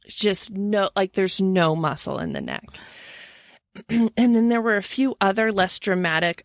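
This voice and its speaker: Brief: unhurried woman co-host with a gravelly edge, telling a spooky story to a friend. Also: fairly low pitch, no echo, clean studio sound. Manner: laughs at her own slips. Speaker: podcast co-host. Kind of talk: storytelling casual chat.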